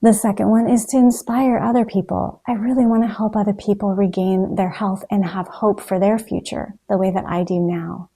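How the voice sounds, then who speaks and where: A woman's voice: mid-range voice, level tone, normal speed, few pauses, warm tone, husky. A woman talking in a motivational vlog, earnest and encouraging as she addresses her viewers. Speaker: raw food vlogger.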